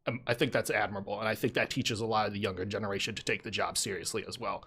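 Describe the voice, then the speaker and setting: A man's voice: on the low side, steady tone, racing, vocal fry, pushed and bright, husky. A man co-hosting a casual podcast chat, rambling with lots of fillers and restarts. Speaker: podcast co-host.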